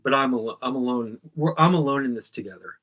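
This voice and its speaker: A man's voice: medium pitch, brisk, a bit bright. A man hosting his own comedy show, talking in a rambling, self-correcting monologue that keeps getting sidetracked. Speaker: host.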